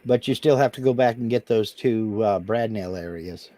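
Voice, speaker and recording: A man's voice: on the low side, moderate pace, dark tone, no room sound. A man co-hosting a live stream, chatting in a dry, laid-back way and reading viewer comments aloud. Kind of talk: casual live stream chat.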